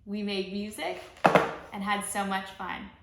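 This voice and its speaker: Slow, gentle woman hosting a toddler lesson. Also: mid-range voice, animated, vocal fry. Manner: gentle, slow, sing-song teacher talk. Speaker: children's show host. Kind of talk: early-learning lesson for toddlers. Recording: echoey room with background noise.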